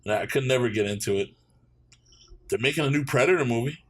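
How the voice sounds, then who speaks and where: A man's voice: mid-range voice, fast talker. A man from Canada hosting a podcast, swearing freely and rambling through his opinions in casual chat. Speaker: podcast host.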